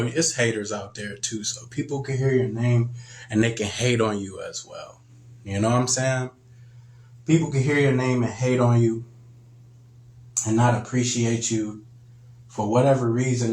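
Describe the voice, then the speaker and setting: Male preacher, medium pitch, relaxed conversational teaching, roomy sound. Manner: acts out quoted voices in a higher pitch, conversational. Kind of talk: casual spoken teaching.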